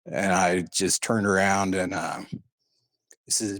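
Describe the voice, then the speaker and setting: A man's voice: low-pitched, little pitch movement, takes it slowly, a bit bright, dry recording, studio quality. A man telling a personal story in a casual, rambling way, full of "uh" and "and, uh". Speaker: guest recounting a paranormal experience.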